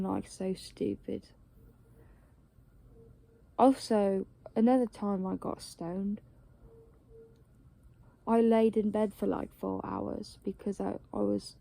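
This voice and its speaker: A woman's voice: medium pitch, gravelly, warm tone. A tired woman talking in a casual, rambling monologue, full of "like" and the odd swear word. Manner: meandering, heavy use of "like" and swearing.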